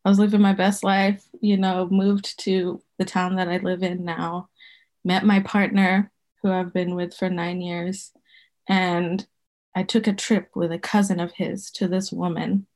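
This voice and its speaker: A woman's voice: on the low side, little pitch movement, a little slow, a little mellow. A woman in her thirties from Zimbabwe, telling personal stories casually and rambling with many fillers. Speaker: guest herbalist. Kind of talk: casual storytelling.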